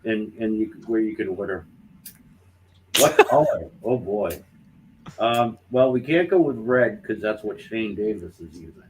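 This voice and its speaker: Halting low-voiced man teasing the host. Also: animated, background noise. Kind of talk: casual chat.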